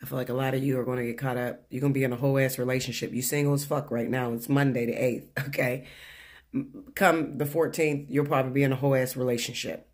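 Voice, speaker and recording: A man reads tarot cards in a loose, chatty way. He talks bluntly, swears freely and laughs often. He speaks at an everyday middle pitch from his living room at home. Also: flat delivery, fast talker. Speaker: tarot reader. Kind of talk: casual weekly tarot reading.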